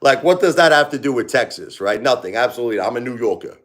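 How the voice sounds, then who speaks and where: A man's voice: medium pitch, animated, quick pace, a bit bright. A man in his forties with a Brooklyn New York accent, chatting casually and rambling on a live stream, full of "you know"s and restarts. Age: 40s.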